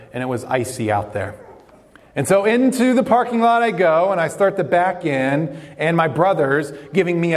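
Earnest preacher man, long hall reverb. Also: a little high. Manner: earnest storytelling preacher, slows for emphasis. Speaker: pastor. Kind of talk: sermon.

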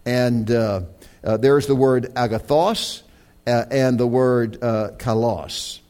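A man preaching a sermon, talking in a conversational, halting way with many fillers and repeated words, then rising to emphatic peaks. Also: mid-range voice, steady tone, a little mellow.

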